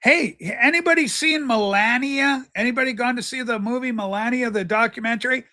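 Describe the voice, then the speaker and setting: A man's voice: very high-pitched, brisk, bright, forceful tone. A man hosting a casual livestream, rambling and joking as he answers viewers by name. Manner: rambling, jokey, talks to chatters by name. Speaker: livestream host. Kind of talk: casual livestream chat reading viewer comments.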